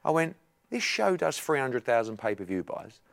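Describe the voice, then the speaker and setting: A man's voice: medium pitch, normal speed, gravelly. A man in his forties, a boxing promoter, telling anecdotes in casual chat and acting out the people in them. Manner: animated anecdote telling, acting out others' lines.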